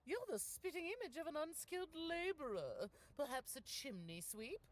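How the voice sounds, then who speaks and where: An actress playing a snobbish high-society lady who lectures others in a sniffy, disdainful way. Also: big pitch swings, moderate pace, a little hiss or hum. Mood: snooty.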